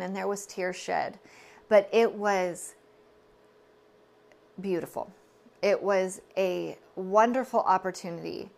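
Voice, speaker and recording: This podcast host, a woman with a medium-pitched, creaky voice, shares something personal in a confiding, earnest manner. Her telling wanders into asides and corrects itself often.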